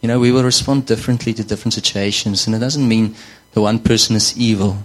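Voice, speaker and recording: A man's voice: fairly low pitch, fairly even intonation, fast, rough recording. A man preaching a sermon in a conversational way, often repeating words and saying "you know".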